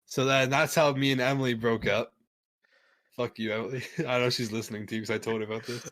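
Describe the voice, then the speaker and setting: Bright-voiced young man rambling casually. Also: mid-range voice, flat delivery, quick pace, dry recording. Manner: rambling, laughs often, swears a lot. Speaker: podcast guest. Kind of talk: casual storytelling.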